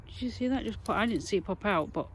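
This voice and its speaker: Yorkshire lady vlogging outdoors, chatty and excitable, talking to herself as she digs, a little outdoor noise. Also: medium pitch, fast talker, poor audio. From England. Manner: chatty, easily excited, talks to herself and viewers. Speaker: metal detecting vlogger. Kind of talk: casual talk to camera while digging. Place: outdoors in muddy fields.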